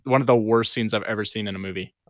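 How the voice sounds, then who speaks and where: A man's voice: fairly low pitch, steady tone, fast. A man in a casual movie chat who holds firm on his rating, stumbling a little as he talks. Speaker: podcast co-host.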